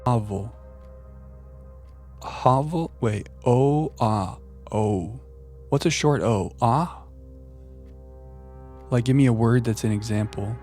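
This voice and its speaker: A man streaming a puzzle game live, chatting playfully with viewers and thinking out loud. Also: medium pitch, slow pace, pauses often, faint music behind. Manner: playful, chatting to viewers while musing aloud. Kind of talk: live gameplay commentary.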